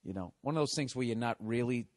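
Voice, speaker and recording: A man's voice: mid-range voice, fast talker, darkish tone, no room sound. Middle-aged man podcast host, swearing, ranting, rambling monologue. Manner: profane, ranting.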